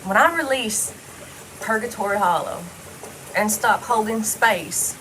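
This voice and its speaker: A woman in a loose, rambling monologue, blunt and full of swearing, her voice sitting at an everyday middle pitch. A faint hum of noise runs underneath her. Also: a little slow, sharp tone, poor audio. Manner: blunt and heavily profane, loose rambling talk. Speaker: vlogger. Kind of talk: casual personal monologue.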